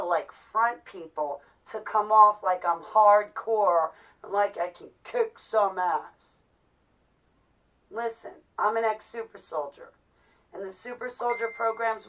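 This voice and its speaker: A woman's voice: medium pitch, fairly bright tone. A woman talking to camera in a personal monologue, impassioned and emphatic. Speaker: vlogger. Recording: distant mic, dull lo-fi sound.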